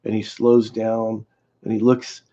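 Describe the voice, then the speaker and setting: Guy on a stream rambling through a story, lots of restarts, mellow low voice, kinda muffled lo-fi audio. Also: level tone. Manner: rambling, halting, many restarts. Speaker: livestream host. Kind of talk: casual storytelling on a livestream.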